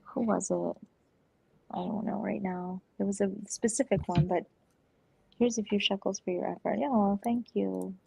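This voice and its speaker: A woman's voice: mid-range voice, fairly even intonation, normal speed, gravelly, a little mellow, breathy edge. A woman chatting casually on a livestream, rambling with lots of "like", laughing often and slipping into playful impersonations. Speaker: stream guest. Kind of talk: casual chat.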